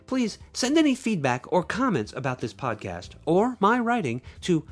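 Lively-voiced man reading his story. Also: high-pitched, normal speed. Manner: expressive storytelling, playful asides. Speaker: podcast host and author. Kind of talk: reading his own short story aloud.

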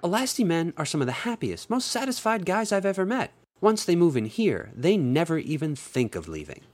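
A man's voice: a little high, big pitch swings, brisk, darkish tone, voice pushed up. A man voicing a flirty, confident woman guide in an adult audiobook, speaking in a teasing, coaxing way. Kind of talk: erotic audiobook role reading.

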